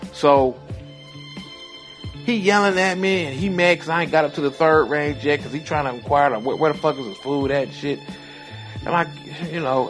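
A man who worked as a prison correctional officer telling a rambling, profane story in a casual way. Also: on the high side. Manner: profane, rambling, digressive, chuckling asides.

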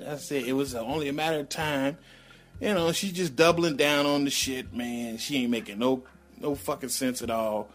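A man's voice: medium pitch, normal speed, soft background music. A middle-aged man telling a personal story in a blunt, slangy, rambling way, full of profanity.

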